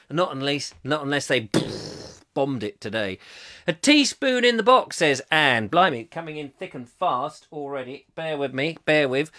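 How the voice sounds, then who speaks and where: Bright, lively chatty man hosting. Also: high voice. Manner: chatty, jokey, rambling, quick to laugh. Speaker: host. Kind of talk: live-stream chat reading comments.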